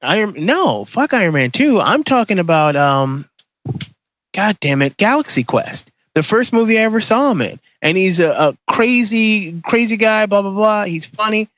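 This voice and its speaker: Excitable, profane man hosting a podcast. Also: sits high, normal speed, no echo. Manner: profane, excitable, stumbles over words. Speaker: podcast host running a movie bracket. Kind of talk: casual chat.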